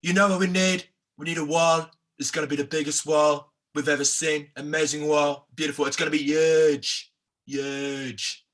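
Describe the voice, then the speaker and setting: A man's voice: on the high side, little pitch movement, moderate pace, fairly bright tone, lightly acted. A man doing an impression of a boastful, blustering older male politician who brags and repeats big claims over a video call.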